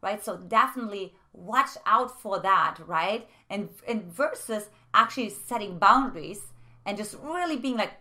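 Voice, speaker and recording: A woman giving relationship advice straight to her viewers, animated and peppering her talk with "right?" and "like". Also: mid-range voice, normal speed. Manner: animated, leans on filler "right?" and "like". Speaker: relationship coach. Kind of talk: direct-to-camera advice video.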